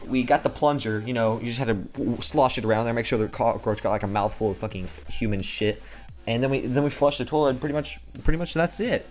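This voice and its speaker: A man's voice: medium pitch, quick pace. A young man telling a crude, rambling comedic story full of swearing, restarts and asides.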